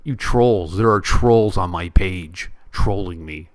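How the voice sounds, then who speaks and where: A man vlogging at home, ranting to his viewers in a casual, animated way and repeating himself for emphasis. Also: deep voice, slow pace. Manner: animated, repetitive, addresses viewers directly. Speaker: YouTube vlogger. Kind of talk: casual on-camera rant. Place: home room near a bedroom.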